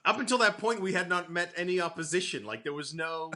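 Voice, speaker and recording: Bright-voiced middle-aged male comedian. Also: high voice, fast talker, slight background noise. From Boston area, USA. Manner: animated anecdotes, acts out quotes, laughs often. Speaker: comedian guest. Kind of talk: casual storytelling chat.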